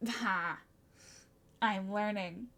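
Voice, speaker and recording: A woman's voice: mid-range voice, very slow, sharp tone. A woman streamer chatting casually with her live chat, bubbly, often gasping and giggling and tripping over her words.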